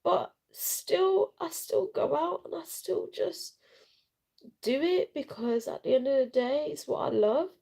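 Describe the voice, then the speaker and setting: A woman's voice: sits high, measured pace, vocal fry, warm tone. A woman chatting on a casual live video, tearful and frank, rambling with slang and swearing while she cries. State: crying. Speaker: vlogger. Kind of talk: emotional casual live chat. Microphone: self-recorded at home without sound check.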